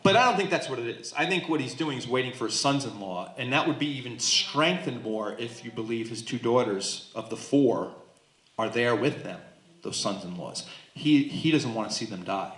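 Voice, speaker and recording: A man leading a Bible study as pastor, teaching in an animated way and acting out the voices in the text to his group. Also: medium pitch, moderate pace. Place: church hall with a small group. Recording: echoey room.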